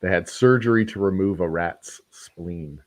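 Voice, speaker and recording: A man's voice: deep voice, a little slow, no echo. A man hosting a podcast in casual chat, rambling and joking, often correcting himself mid-sentence. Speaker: podcast host and whiskey maker.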